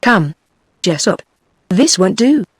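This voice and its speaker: A synthetic woman's voice reading a sharp second mate. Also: high-pitched, sing-song, slow, slightly rough, dry recording, clean studio sound, full character voice. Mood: stern. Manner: sharp, commanding. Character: stern male second mate of a ship.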